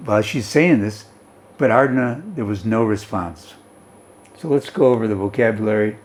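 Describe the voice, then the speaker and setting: A man's voice: fairly low pitch, normal speed, darkish tone. A male teacher explaining a story and its vocabulary in an English lesson, reading aloud and often checking in with "okay?".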